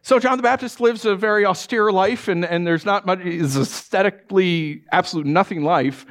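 A male pastor preaching a sermon in a lively, joking way, often putting on voices for quotes. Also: normal speed. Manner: animated, acts out quotes in high voices, jokes with congregation.

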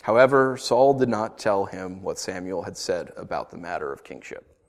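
Animated male pastor preaching. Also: low-pitched, moderate pace. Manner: animated, conversational, playful asides. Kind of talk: sermon.

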